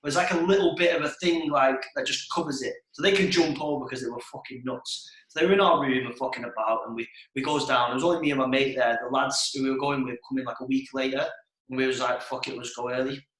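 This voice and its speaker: A man's voice: mid-range voice, steady tone, fast talker, a bit bright, echoey room, poor audio. A young man on a podcast, telling crude nightlife stories in a casual, sweary way. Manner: swearing, storytelling, laughs mid-story. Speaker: podcast co-host. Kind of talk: casual chat.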